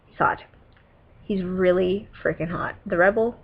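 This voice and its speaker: A woman's voice: lowish voice, fairly even intonation, unhurried. A teenage girl vlogging about movies, chatting casually and rambling with lots of "like" and "um" and giggly asides. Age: teens. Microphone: webcam. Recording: dull lo-fi webcam audio.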